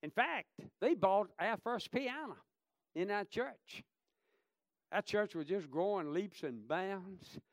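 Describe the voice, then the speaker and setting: A man pastor, preaching a sermon that moves from fervent exhortation to quiet storytelling. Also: high voice, expressive, slow pace, dry recording, studio quality.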